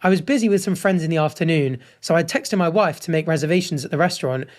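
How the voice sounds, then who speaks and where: A man's voice: a little high, fast talker. A man hosting a casual commentary show, reading online posts aloud and then giving his frank opinions on them.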